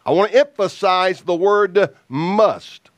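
A man preaching a sermon as an evangelist, slow and emphatic with deliberate pauses. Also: high voice, dry recording.

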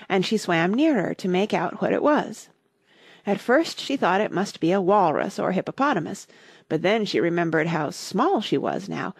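A woman narrating a classic children's novel in an expressive audiobook reading with soft asides. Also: lowish voice, vocal fry, breathy edge, dry recording, clean studio sound.

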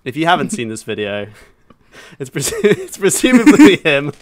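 A man's voice: fairly high pitch, wildly swooping pitch, normal speed. A young man co-hosting a podcast in casual chat, laughing through his story as he tells it. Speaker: podcast co-host.

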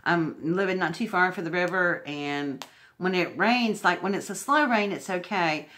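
A woman's voice: lowish voice, normal speed, a bit bright. A woman unboxing craft mail at home, gushing and emotional. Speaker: crafting vlogger. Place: home indoors.

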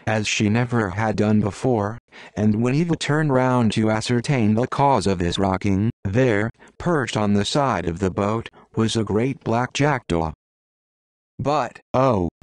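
A man narrating a storybook in a steady, measured reading. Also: fairly low pitch, dry recording. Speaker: audiobook narrator.

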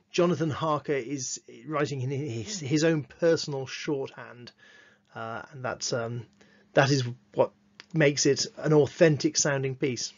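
A man giving a lesson on literature, reading quotations slowly and adding dry, wry asides. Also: mid-range voice. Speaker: teacher. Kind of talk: lesson with read-aloud quotations. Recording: dull lo-fi recording.

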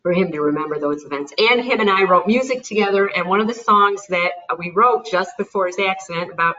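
A woman's voice: mid-range voice, brisk. A woman, a mother, telling her family's story in an interview and acting out what people said. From United States. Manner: animated retelling with quoted dialogue and light laughs. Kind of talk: conversational storytelling. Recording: distant, dull lo-fi recording.

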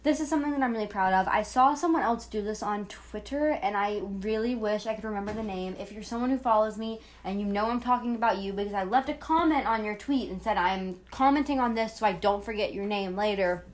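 A woman's voice: medium pitch, fast, hardly any pauses. A woman talks through her game footage in a loose, rambling, conversational way. She is coming down with a cold. The voice-over is recorded on her phone. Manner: chatty and rambling. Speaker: gaming channel host. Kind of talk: casual gameplay voice-over.

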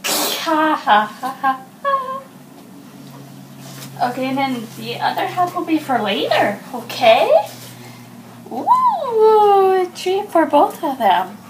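A woman hosts a cheerful home pet vlog, putting playful questions to her dogs. She talks slowly in a high, swooping, sing-song baby-talk voice, with faint noise behind her. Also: sing-song. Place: home room with an ottoman.

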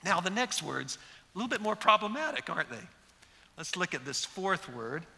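Male preacher, animated storyteller, sharp bright tone, echoing sanctuary. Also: high voice, moderate pace, creaky. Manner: animated storyteller acting out quotes. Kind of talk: sermon. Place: large church sanctuary. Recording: echoey hall.

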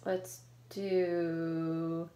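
A woman teacher with a lowish voice leads a phonics lesson, moving slowly and patiently through each prompt. Her words carry an encouraging, step-by-step rhythm. The room around her is echoey. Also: flat delivery, mellow, a little hiss or hum.

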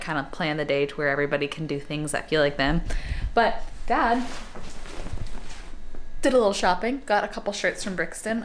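A woman's voice: lowish voice, fairly bright tone, slight background noise. A young woman, chatting casually to camera in a vlog, upbeat and full of "like"s. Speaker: vlogger.

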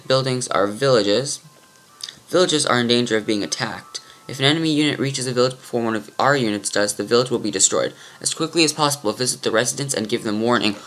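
A man's voice: medium pitch, fairly bright tone. A man casually commenting on a video game and reading tutorial text, with mumbled offhand asides. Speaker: let's play host.

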